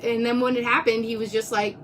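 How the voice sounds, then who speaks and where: A woman with a fairly high voice pours out an earnest, rambling live-stream monologue, close to tears and often restarting her thoughts. She is picked up from a little way off on a phone mic, with a faint rumble underneath. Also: little pitch movement, fairly quick, recorded from a distance.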